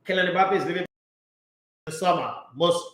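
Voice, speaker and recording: A man hosting a solo sports talk show, reading transfer news aloud and breaking into animated, mocking rants. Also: high-pitched, moderate pace, echoey room, poor audio.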